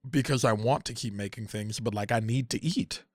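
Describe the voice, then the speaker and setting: A young man in an emotional, profane rant about unpaid creative work, repeating phrases and climbing toward shouting. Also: medium pitch, a little fast, dry recording, studio quality. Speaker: content creator.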